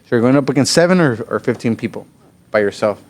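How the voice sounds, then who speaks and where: A man's voice: mid-range voice, lively intonation, fast talker, a little mellow. A man guest on a podcast, telling stories in loose, profane casual chat and now and then slipping into Spanish. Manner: profane, rambling, slips into Spanish.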